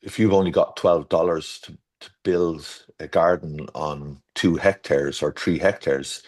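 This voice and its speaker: A man's voice: very deep voice, fairly even intonation, a little slow, a little mellow. A man from Ireland, a garden designer guest in a casual interview chat, rambling and correcting himself as he tells stories. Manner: rambling and self-correcting, with storytelling asides.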